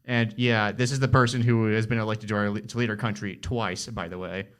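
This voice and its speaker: A man's voice: lowish voice, steady tone, fairly quick, clean tone. A teenage boy giving scripted, sarcastic and incredulous commentary for a school project podcast. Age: teens. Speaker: student co-presenter.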